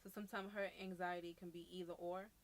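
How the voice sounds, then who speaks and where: A woman's voice: on the low side, little pitch movement, quick pace. A woman hosting a podcast in casual conversation, talking frankly and swearing offhand. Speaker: podcast host. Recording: faint hiss.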